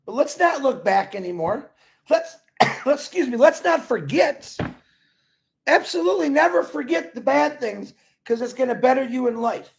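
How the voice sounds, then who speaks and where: Earnest, gravelly-voiced man. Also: very high voice, expressive, normal speed. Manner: earnest, rambling, repeats himself. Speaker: company supporter talking to members. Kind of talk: casual motivational talk.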